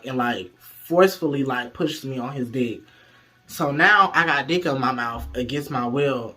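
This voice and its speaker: Bright, forceful man telling a wild story. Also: a little high. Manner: profane, animated, talks straight to viewers. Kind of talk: casual storytime.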